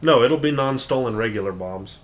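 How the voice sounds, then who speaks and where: A man's voice: mid-range voice, expressive, normal speed, a little hiss or hum, rough recording. A man playing a video game, dryly planning his moves aloud in casual commentary. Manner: dry, plans moves aloud, wry. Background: game music.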